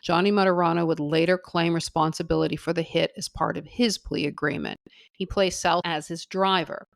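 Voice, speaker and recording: A woman from the Boston area who does not use the accent, co-hosting a true-crime podcast with dry, self-deprecating chat and measured narration of cases. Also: lowish voice, fairly even intonation, gravelly. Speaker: podcast co-host and former teacher.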